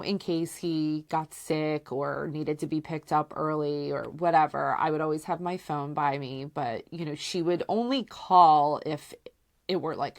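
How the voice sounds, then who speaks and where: A woman hosting a podcast, telling candid personal stories in a chatty way, with lots of "like" and "you know". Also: low voice. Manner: relaxed and candid, acts out quoted voices. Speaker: podcast host. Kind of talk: casual personal storytelling.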